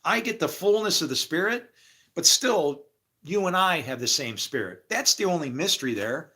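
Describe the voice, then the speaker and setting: Animated man rambling about faith. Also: fairly high pitch, moderate pace, husky. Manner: swears freely, acts out imagined dialogue, laughs often. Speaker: spiritual speaker. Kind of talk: rambling casual monologue.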